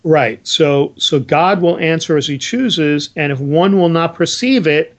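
A man's voice: on the high side, unhurried. A man co-hosting a Bible discussion, explaining verses earnestly and reading scripture aloud. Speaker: Bible study co-host.

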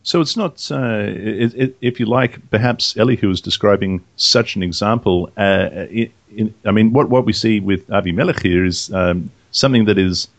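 A man's voice: fairly low pitch, moderate pace, hardly any pauses. A man co-hosting a Bible discussion, asking questions and making playful asides. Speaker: Bible study co-host. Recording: dull lo-fi dry sound.

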